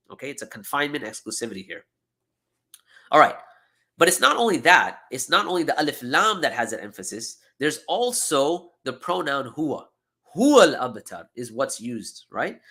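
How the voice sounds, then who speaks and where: A man's voice: medium pitch, pushed and bright. A man giving a classroom lecture on scripture, explaining step by step, often asking "okay?" and "right?", and repeating words for emphasis. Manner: repeats words for emphasis, self-corrects mid-sentence.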